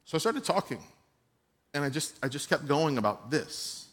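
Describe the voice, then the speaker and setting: A man preaching a sermon to his own church as its pastor, telling a personal story and swinging between quiet, soft passages and emphatic ones. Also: fairly high pitch, big pitch swings, normal speed.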